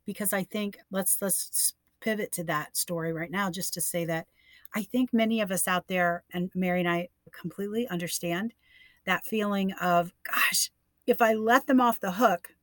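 A woman's voice: on the low side, fairly even intonation, normal speed, dry recording. An older woman co-hosting a faith podcast, speaking emphatically and encouragingly. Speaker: podcast co-host. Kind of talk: casual faith podcast chat.

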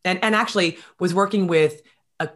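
A middle-aged woman telling stories in a casual interview, animated and quick, with many fillers. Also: lowish voice. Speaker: guest.

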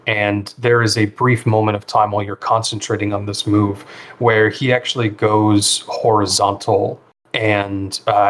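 A man narrating a tabletop role-playing game as game master, in a relaxed way with many fillers. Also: lowish voice, unhurried. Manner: relaxed, filler-heavy narration with frequent ums and likes.

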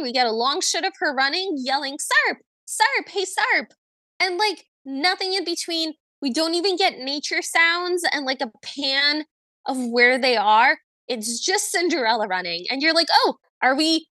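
A young woman co-hosting a casual podcast, talking in a high, bright voice and recapping a film with lively energy. She keeps slipping into quoted lines as she goes, and her voice sounds close and dry. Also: normal speed, no room sound. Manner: animated, acts out quoted lines. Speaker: podcast co-host.

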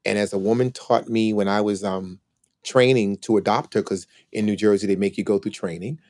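A reflective man in his sixties tells stories of his family as a podcast guest, now and then taking on the voices of the people he quotes. His voice sits low. The sound is close and dry, with no room around it. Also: steady tone, a little fast, darkish tone, no room sound. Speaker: podcast guest, retired police officer. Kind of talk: storytelling interview talk.

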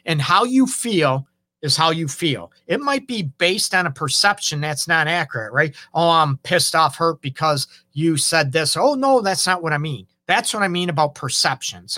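Bright-voiced man giving relationship advice. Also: fairly high pitch, no echo. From Detroit area. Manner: conversational, acts out quoted dialogue, frequent "okay?" and "you know". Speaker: relationship counselor and show host. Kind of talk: casual advice talk.

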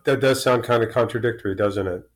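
A man's voice: mid-range voice, fast. A man in his sixties from Florida, a guest talking frankly and with self-deprecating humor in an interview, often repeating words as he starts sentences. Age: 60s. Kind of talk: candid interview conversation.

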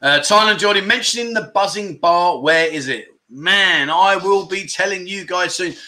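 A middle-aged man hosting a casual livestream chat show, reading out viewer comments in an animated, exclamatory way. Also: high voice, moderate pace. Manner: animated and exclamatory, with loud catchphrases.

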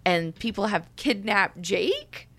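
Animated ranting woman, very lively pitch. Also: takes it slowly. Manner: animated, profane ranting with lots of "like". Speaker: podcast co-host reviewing a book. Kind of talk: casual chat.

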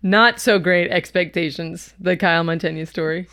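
A woman's voice: lowish voice, normal speed. A woman co-hosting a casual podcast chat, teasing and playful as she reads listener letters aloud. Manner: playful, teasing, animated reading. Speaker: podcast co-host.

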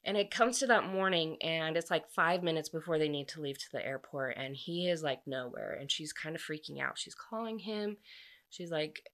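A woman's voice: sits low, normal speed. A woman casually recapping a book's plot, chatty and full of asides, acting out bits of the characters' dialogue. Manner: acts out dialogue in lively quoted bits. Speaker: book reviewer.

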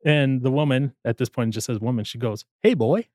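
A man chatting casually and animatedly, slipping into quoted voices as he tells a story. His voice sits at an ordinary pitch and sounds close and dry, with no room around it. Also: a little fast, a little mellow, no echo. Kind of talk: casual chat.

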